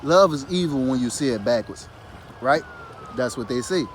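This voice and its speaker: A man's voice: mid-range voice, expressive, normal speed, a little hiss or hum. A man talking casually and loosely about spirituality, dropping "you hear me" after nearly every phrase and swearing freely. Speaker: spiritual talker. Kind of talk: casual monologue.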